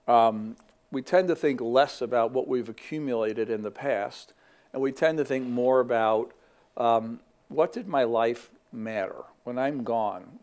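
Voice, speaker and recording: Middle-aged man, gravelly voice, easygoing talk on faith, lots of "you know" and restarts. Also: mid-range voice, darkish tone. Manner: conversational, with frequent fillers and restarts. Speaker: ministry vice president.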